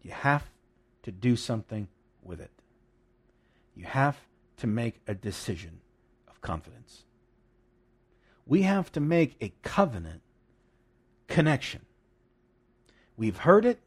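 A man's voice: medium pitch, sing-song, takes it slowly, pauses often, breathy edge. A man preaching a sermon, reading scripture and explaining it emphatically, with jokes and asides.

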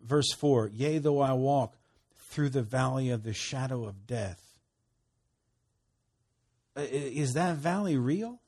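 A man preaching a sermon, emphatic, moving between loud bursts and hushed, quiet lines. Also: medium pitch, animated, takes it slowly, long pauses. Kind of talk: sermon teaching.

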